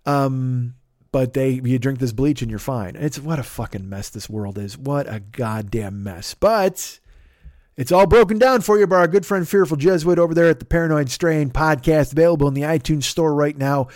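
A man's voice: fairly high pitch, moderate pace, a little mellow, no echo, clean studio sound. Rambling, profane male podcast host. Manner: rambling, profane, self-interrupting. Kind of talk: casual podcast monologue, sponsor plug.

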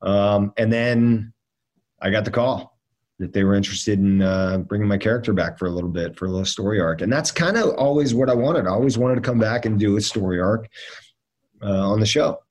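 A man's voice: lowish voice, a little fast, a little mellow. A man, an actor guest in a casual interview, telling stories with many fillers and restarts.

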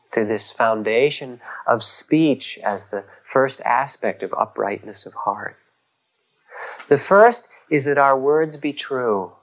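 A man giving a dharma talk as a meditation teacher, gentle and reflective, pausing often and rising in emphasis on key words. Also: medium pitch, low-quality recording.

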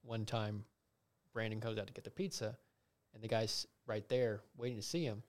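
A man talking as a podcast guest, calmly retelling a movie scene in casual chat. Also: on the low side, normal speed.

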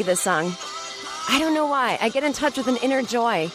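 A woman's voice: on the high side, expressive, normal speed, over music. A woman hosting a comedy podcast, chatting in a rambling, self-deprecating monologue full of fillers, recorded in a podcast studio. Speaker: podcast host.

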